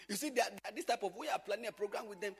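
A pastor with a high-sitting voice teaches a church group informally in a large hall, talking at a racing pace. He swings from loud exclamations to quiet asides.

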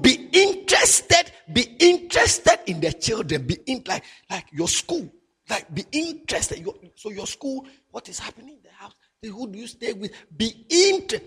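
A middle-aged man with a Ghanaian accent, preaching a sermon as a pastor, animated and mixing English with Twi. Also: sits high, breathy edge.

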